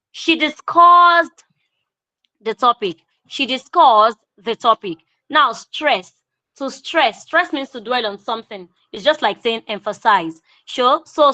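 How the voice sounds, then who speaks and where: A woman with a Nigerian English accent teaching an online grammar lesson, repeating key phrases slowly for emphasis. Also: a little high, pushed and bright, no room sound, rough recording.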